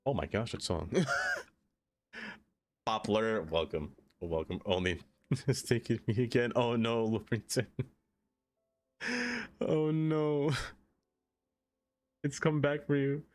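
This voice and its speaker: Speaking slowly with long pauses in a mid-range voice, a man live-streams a city-building game. In casual chat he's playful and easily excited, greeting viewers by name and laughing often.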